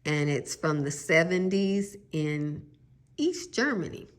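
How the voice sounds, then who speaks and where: A woman's voice: deep voice, animated, slow pace. A woman gardening vlogger chatting casually and musing aloud, with self-deprecating asides. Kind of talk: casual chat.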